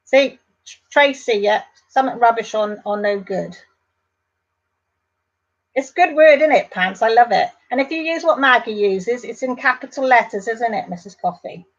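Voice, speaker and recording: A woman's voice: a little high, expressive, normal speed, muffled recording. An English woman hosting a casual live stream, chatting and reading out viewer comments in a rambling, affectionate way.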